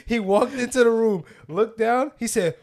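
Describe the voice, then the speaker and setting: A man's voice: extremely high pitch, normal speed, gravelly. A man co-hosting a podcast, telling a story in loose casual chat. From New Jersey. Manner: loose storytelling, gets louder and laughs as the story builds. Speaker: podcast co-host.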